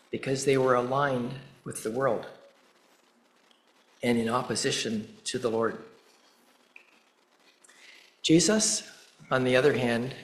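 Slow, deliberate male preacher in echoey room. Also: mid-range voice. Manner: measured preaching with deliberate pauses, scripture quotes. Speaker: pastor. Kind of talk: sermon.

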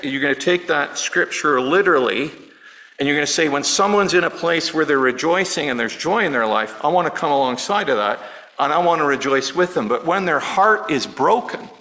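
A middle-aged male pastor preaching a sermon in an earnest, personal way, dropping low and quiet on words of grief. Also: low-quality recording. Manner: earnest, personal, softening to near-hush on grief.

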